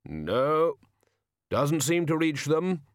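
A man doing a cheeky, gruff old servant. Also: a little high, big pitch swings, drawn-out words, dry recording, studio quality, pitched above the performer's own voice, full character voice. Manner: blunt and cheeky, swears.

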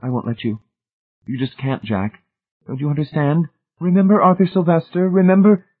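A man's voice: on the high side, fairly quick, husky, voice pushed up. Man voicing a pleading anxious young woman. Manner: earnest, urgent pleading. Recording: tinny phone-like band.

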